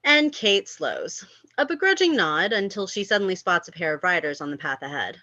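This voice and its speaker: A woman reading stage directions at a table read, expressive with amused asides. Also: on the low side, moderate pace, dry recording. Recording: dull lo-fi sound.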